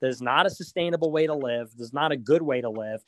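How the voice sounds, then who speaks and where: A man's voice: medium pitch, fairly quick, no room sound. A man hosting a casual podcast chat, rambling and profane, with frequent fillers and mocking asides.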